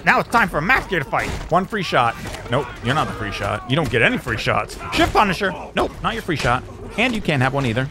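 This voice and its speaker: In let's play commentary, a man narrates his gameplay casually and taunts enemies with playful trash talk, bursting into shouts during fights. He talks fast in a fairly high-pitched, sing-song voice.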